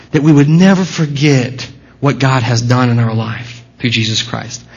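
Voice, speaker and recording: A man's voice: mid-range voice, normal speed, husky. A man preaching a sermon at a church service, talking to the congregation in a conversational, emphatic way. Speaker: pastor. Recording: dull lo-fi sermon recording.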